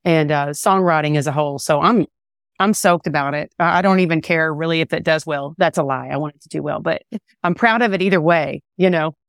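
A woman singer-songwriter talking casually in an interview, relaxed and rambling with many fillers and restarts. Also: low voice, brisk, clean tone, no room sound, clean studio sound. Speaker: country singer-songwriter guest.

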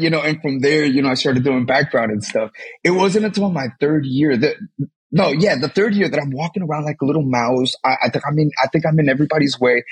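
A man from Mexico, a guest in an interview, telling his own story animatedly with many restarts. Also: slightly rough. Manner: animated, tumbling restarts, swings high when excited.

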